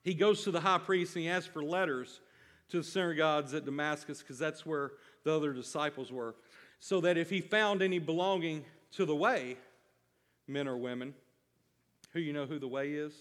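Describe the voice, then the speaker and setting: A man's voice: fairly high pitch, moderate pace, fairly bright tone, long reverb tail. A man preaching a sermon to his congregation, reading scripture and stretching out key phrases with rising emphasis. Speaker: pastor.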